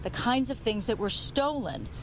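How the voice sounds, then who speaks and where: A woman narrating a news report in a measured, matter-of-fact way. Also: fairly high pitch, sing-song, noisy background.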